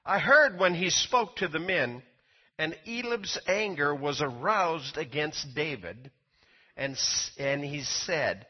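Male pastor, high husky voice, emphatic sermon delivery, muffled lo-fi recording. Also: expressive, takes it slowly. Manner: preaching with rising volume and emphatic peaks. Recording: dull lo-fi recording.

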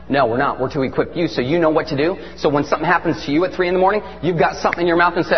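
A middle-aged man with a rather high voice preaches a sermon, telling stories in an animated, emphatic way. The recording is dull and lo-fi, with a long hall reverb and a faint hum underneath. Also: very fast, few pauses.

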